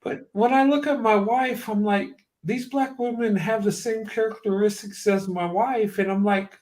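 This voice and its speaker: A man's voice: high-pitched, a little slow. A man in his fifties giving an emotional, emphatic personal testimony, often repeating himself. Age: 50s.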